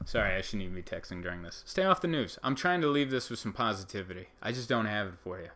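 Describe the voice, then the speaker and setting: A man doing a casual comedic monologue, rambling and exasperated, jumping into high mock outbursts. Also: expressive, quick pace, a bit bright. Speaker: comedian host.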